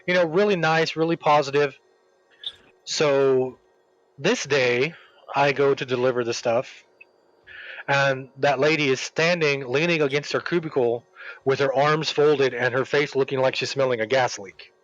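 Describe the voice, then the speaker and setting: A man chatting casually on a game stream tells a lengthy, rambling story about work, animatedly voicing the people he quotes. His voice is medium-pitched and a little slow, and the audio is dull but free of echo.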